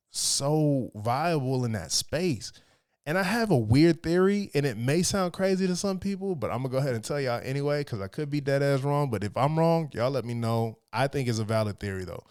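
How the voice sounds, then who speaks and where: Man, casual profane commentary, mid pitch, dry close mic. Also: animated, a little mellow, smooth, no echo. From Texas, USA. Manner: blunt and profane, drawn-out asides.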